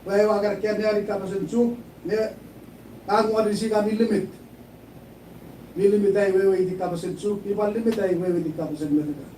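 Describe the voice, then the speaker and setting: A man's voice: high voice, steady tone, fairly quick, mellow. A man preaching a sermon, switching between English and Chuukese and repeating his phrases. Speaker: pastor. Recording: echoey room, mic at a distance, faint noise.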